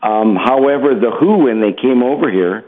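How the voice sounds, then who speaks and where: An older man with a Canadian accent, a musician telling stories in a relaxed, hesitant way with many fillers in a phone interview. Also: mid-range voice, moderate pace, slight background noise. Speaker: guest musician. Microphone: telephone. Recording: phone line.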